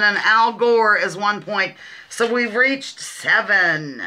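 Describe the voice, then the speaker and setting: Bright-voiced giggly woman hosting a livestream. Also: mid-range voice, expressive, slow pace. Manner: giggly, chatty, addresses viewers as ladies and gentlemen. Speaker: livestream host running a word-guessing game. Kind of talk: casual live-stream chat.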